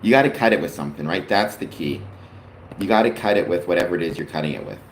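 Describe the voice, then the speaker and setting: On his livestream, a low-voiced Canadian man talks quickly in a casual, somewhat rambling way and addresses his father during the stream. A roomy echo and faint background noise color the recording.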